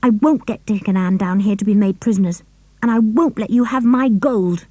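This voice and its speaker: A woman's voice: mid-range voice, normal speed, warm tone, no echo, voice pushed up, lightly acted. A fierce, stubborn tomboy girl speaks with emphasis, as a woman puts her on. The voice sits well above the reader's own. The sound is dry and close. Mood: defiant. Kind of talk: audiobook character reading.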